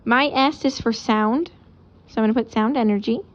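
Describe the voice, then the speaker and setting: Woman teacher talking thru notes while she doodles, kinda high voice, dull lo-fi sound. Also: normal speed. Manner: casual, explains while drawing. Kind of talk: recorded classroom lesson.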